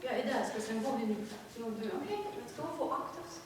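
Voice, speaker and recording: A woman's voice: on the high side, fast talker, crowd noise. A woman piano teacher coaching a student in a masterclass, encouraging and laughing often, exaggerating to make her point. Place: recital hall with piano. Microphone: distant room mic. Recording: echoey hall from far off. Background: piano playing.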